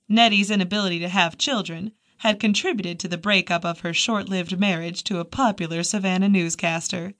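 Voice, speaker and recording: A woman narrating a mystery novel in a measured, steady audiobook reading. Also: fairly low pitch.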